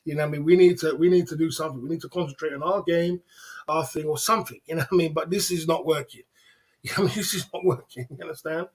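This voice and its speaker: A man's voice: on the high side, quick pace, darkish tone, slightly rough. A man hosting a casual livestream, talking in a preachy, repetitive way full of rhetorical questions. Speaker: livestream host.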